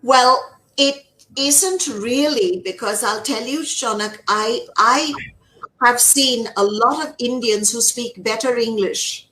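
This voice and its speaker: In this poor-quality recording, a middle-aged communication trainer from the United States talks slowly in a slightly high, sharp-toned voice. It's a conversational interview where she stresses her points, says words more than once, and performs the lines she quotes.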